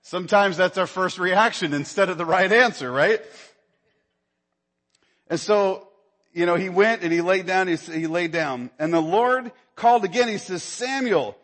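In a big-room setting, a pastor preaches conversationally at normal speed with a fairly bright tone. He acts out the Bible dialogue of the story he's telling, his pitch rising when he gets stirred.

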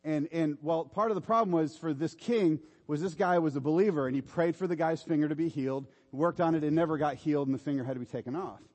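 A man's voice: fairly high pitch, quick pace, few pauses, a little mellow, big-room sound. A man preaching a sermon in an informal, exhorting way, urging his listeners on. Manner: informal, exhorting, repeats "come on".

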